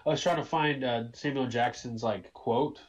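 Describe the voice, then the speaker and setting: A man's voice: medium pitch, normal speed, poor audio. A man in his thirties co-hosting a casual podcast, joking and rambling as he runs a quiz. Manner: jokey, rambling, jumps into silly voices. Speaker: podcast co-host, quiz master. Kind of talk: casual chat.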